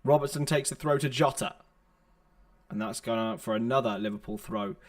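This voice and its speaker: Speaking at a normal speed in a mid-range voice, this young livestream host runs live football commentary. He keeps up chatty asides to his audience, picked up by a laptop's built-in microphone.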